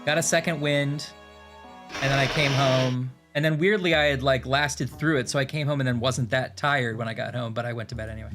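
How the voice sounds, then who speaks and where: A man's voice: medium pitch, steady tone, fairly quick. A man hosting a game stream, telling rambling stories in casual chat with many fillers, faint music behind him. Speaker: stream host.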